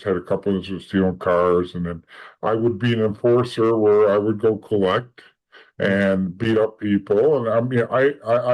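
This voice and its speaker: A man's voice: fairly low pitch, darkish tone, poor audio. A man being interviewed as a podcast guest, telling a long story casually and bluntly, often restarting and repeating words. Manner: blunt and matter-of-fact.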